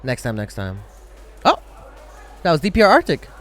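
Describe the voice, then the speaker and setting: A young man chatting casually and excitedly as he reacts to a music video on a live stream, using lots of slang. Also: mid-range voice, normal speed, a little hiss or hum.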